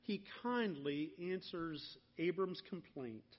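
A man preaching a sermon, earnest and deliberate, dropping soft on the key phrases. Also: a little high, expressive, lo-fi sound. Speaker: pastor.

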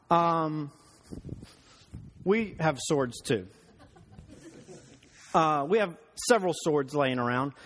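Guy preaching a sermon, kinda high voice, long echo in a church hall. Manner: storytelling, slows for emphasis. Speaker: pastor.

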